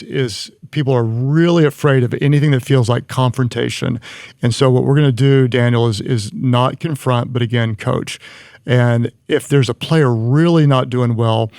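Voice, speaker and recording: A man talks through leadership advice in an earnest, conversational way, often stopping and restarting mid-thought. His voice has a gravelly edge at a middle pitch. The sound is close and dry, with no room around it. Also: darkish tone, dry recording. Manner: earnest, frequent restarts and stammers. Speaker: guest.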